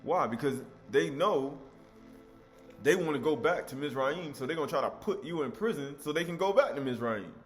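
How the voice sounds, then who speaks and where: A man's voice: on the high side, animated, moderate pace, faint music behind. A man teaching scripture in an emphatic, conversational way, acting out the voices of people he quotes. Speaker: preacher.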